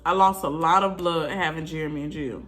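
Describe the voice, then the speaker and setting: A woman vlogger casually telling her birth story to viewers, animated and chatty, with frequent asides to the audience. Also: low voice, a little fast, soft background music.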